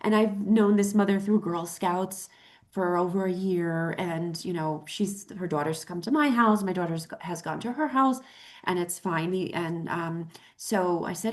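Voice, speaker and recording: A middle-aged woman co-hosting a casual talk show tells a story in a chatty, animated way, often restarting her sentences and acting out the voices of the people she quotes. Her voice is lowish and unhurried.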